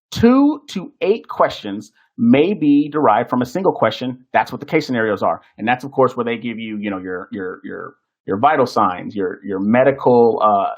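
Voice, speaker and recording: A man's voice: mid-range voice, highs cut off. A man teaching nursing exam prep in a casual, chatty presentation, full of fillers and restarts.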